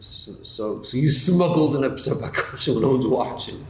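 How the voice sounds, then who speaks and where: Lively questioning man teaching a class. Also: medium pitch, brisk. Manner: questioning, repeats words, rhetorical back-and-forth. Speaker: Torah teacher. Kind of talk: Talmudic-style class lecture. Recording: roomy recording with faint hum.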